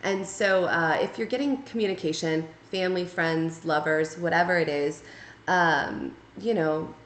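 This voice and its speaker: A woman's voice: fairly low pitch, measured pace, a little hiss or hum. A woman giving a casual spoken tarot reading, talking conversationally and checking in often with "right?" and "okay?". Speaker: tarot reader. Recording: echoey room.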